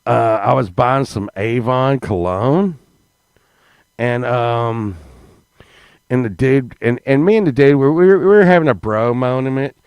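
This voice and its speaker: A man's voice: mid-range voice, animated, unhurried, darkish tone, smooth, dry recording. A man, telling stories in a rambling, casual way to a live chat, restarting words and swearing freely.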